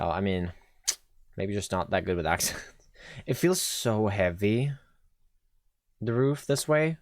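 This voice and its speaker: A man with a Swedish accent streaming live, thinking out loud as he builds and chatting easily with his viewers. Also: lowish voice, no echo. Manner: thinks aloud, chatty, reads chat and answers viewers. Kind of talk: casual live-stream chat while building.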